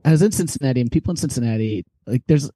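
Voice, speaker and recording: Young man, animated storyteller, warm mellow tone, dry close sound. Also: mid-range voice, racing, slightly rough, no echo. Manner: animated storyteller, acts out quoted voices, laughs often. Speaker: podcast co-host. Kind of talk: casual storytelling chat.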